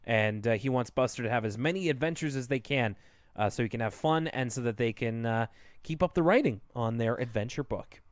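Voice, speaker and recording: A man's voice: medium pitch, brisk, dry recording. Chatty man with a dry close sound. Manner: chatty, laughs often, jokey. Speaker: podcast co-host. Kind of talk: casual chat.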